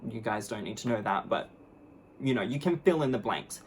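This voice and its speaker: A woman's voice: a bass voice, lively intonation, a little fast, slight background noise. A young adult woman telling a story on her vlog, candid, blunt and sarcastic, mocking the people in it with put-on voices. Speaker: vlogger.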